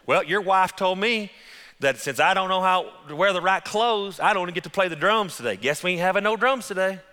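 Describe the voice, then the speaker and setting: A man's voice: high-pitched, lively intonation, brisk, bright, forceful tone, long reverb tail, voice pushed up. A man voicing a resentful grown man who drums at church, grumbling sarcastically. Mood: sarcastic.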